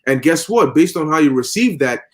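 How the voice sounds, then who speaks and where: A man's voice: a little high, lively intonation, fairly quick. A man in a casual religious discussion who quotes scripture and acts out other people's voices.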